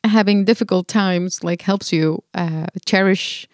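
A woman's voice: mid-range voice, unhurried, a little mellow, no echo, studio quality. A woman co-hosting a podcast, playful and teasing, laughing a lot in casual chat. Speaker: podcast co-host.

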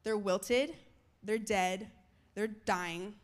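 A young woman preaching a sermon to students, moving between loud calls and soft, hushed lines. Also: medium pitch, very slow. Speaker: youth speaker.

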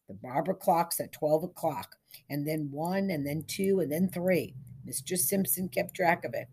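A woman reading a short story aloud as scripted narration, in a measured storytelling manner. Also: low-pitched, dark tone, husky. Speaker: story reader.

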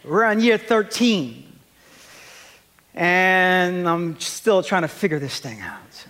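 A male pastor giving a conference sermon, telling animated, self-deprecating stories and acting out the scenes. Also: high-pitched, takes it slowly. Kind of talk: conference sermon with humorous storytelling. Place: large conference hall. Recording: long reverb of a large hall.

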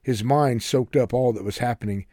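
A man narrates a novel chapter in a steady, measured storyteller's voice. His tone is mellow and warm. The recording is dry and close. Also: medium pitch, no room sound. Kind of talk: audiobook narration.

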